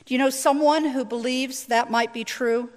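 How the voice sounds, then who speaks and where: A woman's voice: high voice, steady tone, moderate pace. Woman preaching in a reverberant sanctuary. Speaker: pastor. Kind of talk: sermon. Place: church sanctuary.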